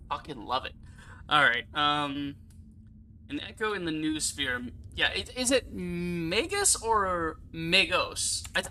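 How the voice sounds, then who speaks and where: A young American man giving casual, rambling gameplay commentary, excitable and swearing freely. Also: high-pitched, slight background noise, poor audio. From United States. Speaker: let's play YouTuber.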